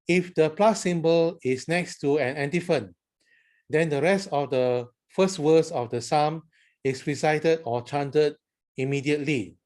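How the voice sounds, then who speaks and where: A man who is a priest, explaining how to chant psalms in a slow, careful teaching style. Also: fairly high pitch, darkish tone. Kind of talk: instructional talk with sung chant examples.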